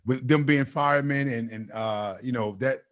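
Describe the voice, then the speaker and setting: Animated man hosting a podcast. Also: medium pitch, moderate pace. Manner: animated storytelling, imitates voices. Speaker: podcast host. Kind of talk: casual conversation.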